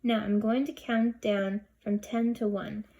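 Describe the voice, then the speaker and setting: A woman voicing a soothing hypnotist who drawls in a low, husky voice. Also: steady tone, measured pace, warm tone, close to an everyday voice.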